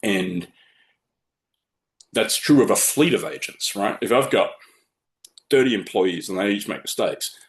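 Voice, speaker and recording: A man's voice: lowish voice, expressive, measured pace, pauses often. A man presenting a webinar from slides in a blunt, opinionated, conversational way.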